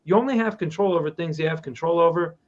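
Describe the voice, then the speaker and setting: A man's voice: a little high, quick pace, dull audio. A man telling a personal story in a casual online talk show and acting out the quotes as he goes. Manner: animated storyteller, acts out quotes.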